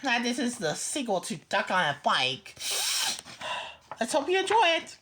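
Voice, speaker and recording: A woman reading a children's picture book aloud slowly and expressively, with small stumbles. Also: a little high, wildly swooping pitch, a bit bright, slight background noise.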